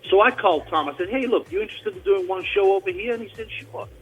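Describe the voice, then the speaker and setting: A man from Australia, a tribute performer, telling a story in a casual radio interview, with an animated delivery full of restarts and a mild Australian accent. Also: high voice, quick pace, breathy edge, phone-quality sound, faint music behind. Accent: mild Australian, mostly hidden.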